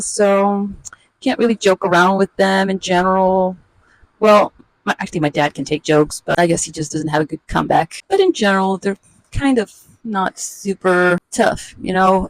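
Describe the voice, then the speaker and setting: A woman's voice: fairly low pitch, dry recording, poor audio. Sarcastic woman in her forties, dry sound. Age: 40s. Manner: wry, sarcastic, roasting. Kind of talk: comedic illustrated storytelling.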